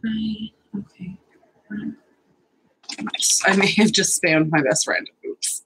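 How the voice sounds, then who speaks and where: A woman's voice: sits low, fairly even intonation, unhurried, fairly bright tone, a little hiss or hum, low-quality recording. A young woman hosting a casual live stream, chatty, nervous and self-deprecating, swearing now and then as she sorts out technical problems.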